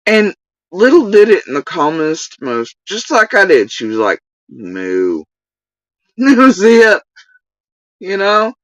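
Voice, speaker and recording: A woman's voice: mid-range voice, sing-song, measured pace, no room sound, poor audio. A woman telling a casual story on a livestream, rambling, laughing and swearing freely.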